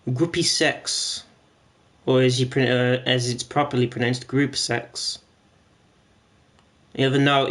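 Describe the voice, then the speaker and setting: A man's voice: medium pitch, a bit bright. A man chatting casually to viewers while streaming a game, rambling and swearing now and then. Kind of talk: casual gaming stream commentary.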